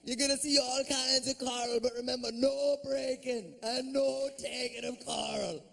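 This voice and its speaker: A man's voice: very high voice, steady tone, normal speed, gravelly, a bit bright, soft background music, voice pushed up, full character voice. A man voicing a stern Jamaican boat tour guide who keeps repeating the rules. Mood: insistent. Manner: repeats rules insistently, singsong.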